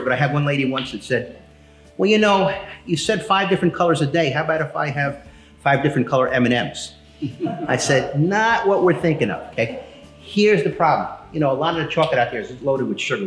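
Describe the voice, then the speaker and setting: A man presents a seminar from slides in a loose, conversational way, stopping to quiz the audience. His voice sits at a middle pitch and rings out in an echoey hall. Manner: casual, chatty, quizzes the audience. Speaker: seminar speaker. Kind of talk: live seminar talk with slides.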